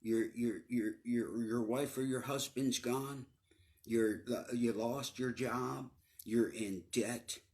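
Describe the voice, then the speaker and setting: In a slow, steady, mid-range voice with a darkish tone, a middle-aged man tells his own story casually. Swearing is frequent, he stumbles over repeated words, and now and then his voice sinks to a near-whisper.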